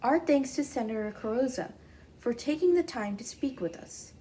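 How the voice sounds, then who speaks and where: A girl with a mellow, slightly raised voice reads a school news item. She keeps a formal, steady delivery. Faint background noise sits under her voice. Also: high-pitched, moderate pace. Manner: formal reading. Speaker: student news anchor. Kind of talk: read news segment.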